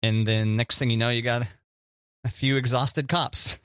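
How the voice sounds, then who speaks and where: A man's voice: mid-range voice, fairly even intonation, unhurried, fairly bright tone, smooth, no room sound, studio quality. A man co-hosting a casual chat show, a jokey rambling storyteller who hums little sound effects. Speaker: podcast co-host.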